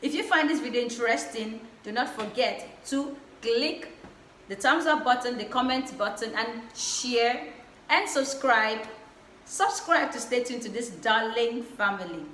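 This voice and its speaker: A woman's voice: on the high side, measured pace, a little hiss or hum. Effusive young woman vlogger, echoey room. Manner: warm, effusive, repeats phrases for emphasis. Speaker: vlog host. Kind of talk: casual chat. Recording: echoey room with faint music.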